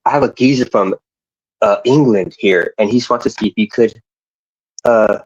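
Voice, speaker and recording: A man's voice: on the low side, normal speed, husky, no echo, dull audio. A man chatting casually into earphones, stumbling and restarting his questions and swearing offhand. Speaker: streamer. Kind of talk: casual chat.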